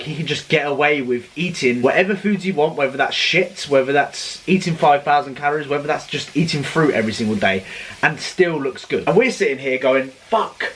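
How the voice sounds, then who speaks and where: A man's voice: on the high side, fairly bright tone, slightly rough. A man talking casually in a vlog, blunt and rambling, swearing freely. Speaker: fitness vlogger and coach.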